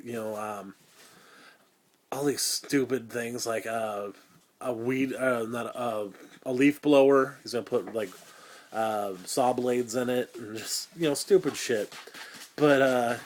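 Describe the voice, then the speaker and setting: A man's voice: medium pitch, a little hiss or hum. A man in his thirties hosting a casual horror movie review, crude and sarcastic, rambling with lots of fillers. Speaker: host.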